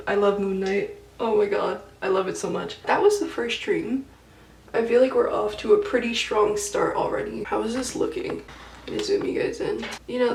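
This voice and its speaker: A young woman talks through her makeup routine in a loose, giggly, filler-heavy way. Her voice carries a gravelly fry. She sits back from the mic in a roomy, echoey space with a faint hiss underneath. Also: mid-range voice, darkish tone. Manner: chatty, giggly, lots of "like". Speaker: beauty vlogger. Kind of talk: casual get-ready-with-me chat. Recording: echoey room, mic a bit far off.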